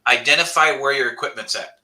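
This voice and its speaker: A man's voice: medium pitch, quick pace, bright, forceful tone, rough recording. A man, a paranormal investigator, telling blunt, swearing stories in a casual panel chat over a video call. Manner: blunt storyteller, swears freely.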